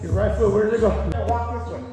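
A man coaching a jiu-jitsu lesson, giving loud, commanding instructions. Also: sits high, fast talker, over music. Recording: echoey gym from far off.

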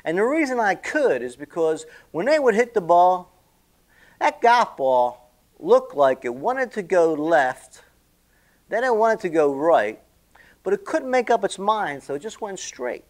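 A man tells a long golf story in a loose, rambling monologue, swearing now and then. His voice sits a little high and swings widely up and down. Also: a little slow. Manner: rambling, animated, salty. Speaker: golf vlogger.

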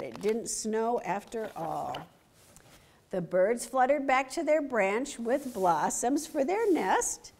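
A woman reading a picture book aloud to children, animated and stopping to ask them questions. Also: fairly high pitch. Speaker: story time reader.

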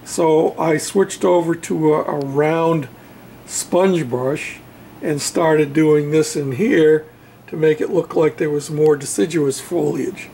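A man in his home hobby workshop, casually showing his model railroad backdrop in an unhurried, halting way with lots of fillers. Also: on the high side, fairly even intonation, vocal fry, dark tone, a little hiss or hum. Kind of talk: casual show-and-tell.

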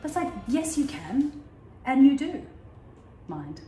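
A giggly Australian woman hosting a casual vlog chat, her voice swinging freely up and down. She banters playfully and sits a bit high in her range. The sound carries a noticeable room echo. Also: very animated, takes it slowly, over music. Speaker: vlog host.

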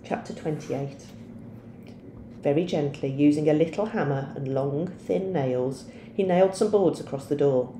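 A woman teacher reading a novel aloud in a steady storytelling voice. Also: deep voice, unhurried, reverberant, slight background noise.

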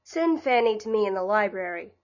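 A woman reading the part of a stern, quick-tempered middle-aged father in a storybook, speaking in curt, commanding tones on a slightly dull, lo-fi recording. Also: medium pitch, lively intonation, close to an everyday voice.

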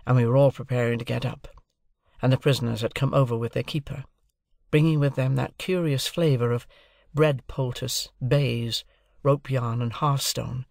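A man reading a classic novel as audiobook narration, in a measured, deliberate manner. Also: medium pitch, gravelly, no room sound, studio quality.

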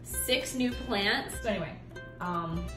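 Bubbly american woman in her 20s rambling about her day, mid pitch, music in the back. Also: slow pace. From United States. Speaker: vlogger. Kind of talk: casual chat while gardening. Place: at home, indoors and in the yard.

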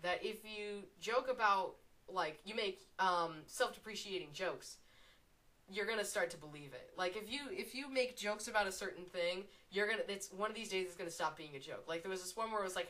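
A woman giving live gameplay commentary from home, excitable and swearing, drifting into self-mocking asides between plays. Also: mid-range voice, normal speed. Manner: excitable, swearing, shrieks at game moments. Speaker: gaming video creator. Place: room at home.

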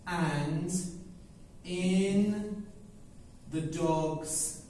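A male teacher tells an easy story at a very slow pace, with a slightly raised voice. He keeps repeating key words and checking in with his listeners. His voice echoes heavily, heard from away from the mic, over a faint background hum. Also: a little high, dark tone. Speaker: English teacher. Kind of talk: slow story-telling lesson. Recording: echoey room, mic at a distance.

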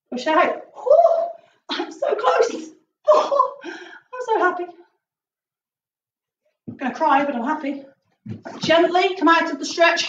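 A woman martial arts instructor leading a live online stretching class, chatty and upbeat with jokey asides. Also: high voice. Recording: distant, roomy, dull with faint noise.

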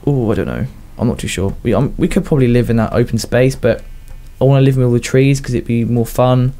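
This young man, a gaming YouTuber with a Southern English accent, talks quickly in a mid-range, dark-toned voice. He rambles through relaxed video game commentary, chatting away to himself and laughing at his own jokes.

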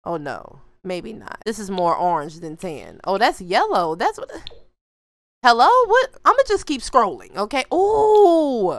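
A woman's voice: on the high side, unhurried, smooth, dry recording, studio quality. A young woman giving casual, slangy commentary to viewers while playing a life-sim game. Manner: animated, slangy, talks to viewers while choosing outfits. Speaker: gaming YouTuber.

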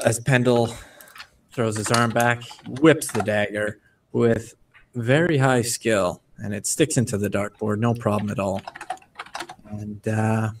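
A man running a tabletop role-playing game as game master, narrating the scene with lively storytelling. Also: lowish voice, recorded from a distance, slight background noise. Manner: lively storytelling, slipping into character voices.

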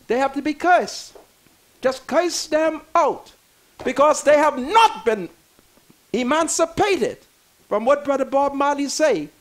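A man, hosting a talk show and ranting theatrically about politics. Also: extremely high pitch. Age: 60s. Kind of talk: fiery political rant on talk radio.

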